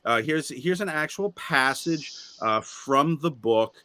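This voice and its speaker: A man's voice: a little high, animated, slow, sharp tone, no room sound. A man hosting a livestream interview in a joking, casual way, reading viewer comments aloud. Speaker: podcast host.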